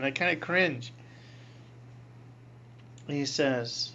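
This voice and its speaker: A man in his sixties, a priest, telling a personal story in an interview, animated, acting out voices and laughing often. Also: on the high side, takes it slowly, creaky, long pauses, dull audio.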